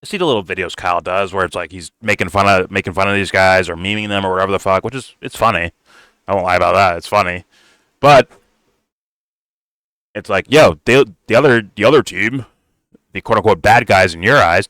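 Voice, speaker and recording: A man's voice: sits low, fairly quick, fairly bright tone, dry recording. A man ranting bluntly in reaction to a political video, swearing constantly and calling the listener "bro.". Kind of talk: profane reaction rant.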